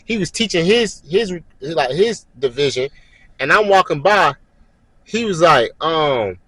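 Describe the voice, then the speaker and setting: A man's voice: fairly high pitch, normal speed, slightly rough, no room sound, low-quality recording. A young man telling a casual story, swearing a lot and acting out the voices of the people in it. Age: young adult. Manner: animated, swearing, slangy, acts out voices and yells mid-story.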